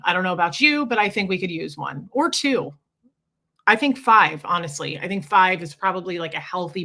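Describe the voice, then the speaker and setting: A woman hosting a casual live stream from home, greeting viewers by name and chatting with them, her voice husky from just waking up. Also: on the low side, pushed and bright.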